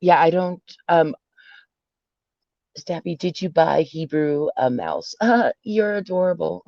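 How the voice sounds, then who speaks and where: A man's voice: fairly high pitch, lively intonation, slow, creaky, no room sound, lo-fi sound. A man calling into a stream, chatting casually, rambling and hunting for words. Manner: rambling, hesitant, searching for words. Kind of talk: casual chat.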